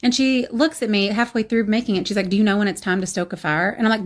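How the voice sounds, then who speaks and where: Woman, mid-thirties, rapid-fire storytime delivery, blunt and sarcastic, exasperated tone. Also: mid-range voice. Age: 30s. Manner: blunt, sassy and exasperated, with sarcastic asides and laughs. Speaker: storyteller recounting a bad date. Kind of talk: casual storytime chat.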